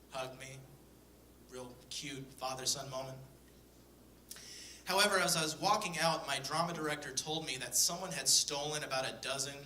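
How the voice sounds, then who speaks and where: A young man tells stand-up stories in a deadpan, profane way, acting out bits of dialogue. His voice is very bright and cutting. It is heard from a distance in an echoey live room. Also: mid-range voice, a little hiss or hum. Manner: profane, deadpan storytelling with acted-out quotes. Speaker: stand-up comedian. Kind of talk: stand-up storytelling. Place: comedy stage before a live audience.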